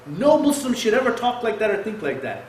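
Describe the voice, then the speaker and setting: A mosque speaker with a fairly high voice gives an animated sermon at a slightly fast pace, asking rhetorical questions and reciting Arabic verses between his points. The room is echoey, with a faint hum in the background.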